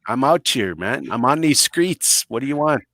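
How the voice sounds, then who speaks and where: A male podcast guest speaks at normal speed in a medium-pitched, expressive voice that sounds pushed and bright. Boisterous and self-mocking, he tells crude comic stories bluntly, swears often, and acts out voices. The recording is dry.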